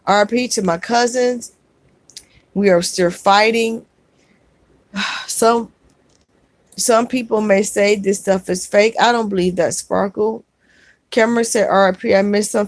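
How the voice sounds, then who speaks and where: Gentle woman reading live comments. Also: mid-range voice, steady tone, dry recording. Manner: gentle and consoling, calls viewers sweetheart; halting, with fillers and restarts. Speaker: vlogger hosting a livestream. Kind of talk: casual livestream chat, reading viewer comments aloud.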